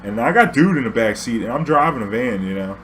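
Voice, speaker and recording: A man's voice: mid-range voice, lively intonation, quick pace, a bit bright, slight background noise. A young man, a taxi driver, telling a casual story in a rambling, profane way and laughing often.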